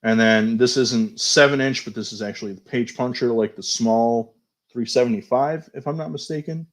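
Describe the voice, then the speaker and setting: A man hosting a toy show, casually going over new action figures, chatty and unhurried, often hedging and fumbling for names. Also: medium pitch. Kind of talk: casual toy news review.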